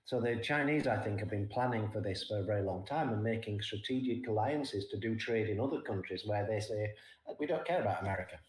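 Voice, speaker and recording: An older man giving plain, casual market talk as a trading guest, often ending his points with a quick "right?". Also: on the low side. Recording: echoey room.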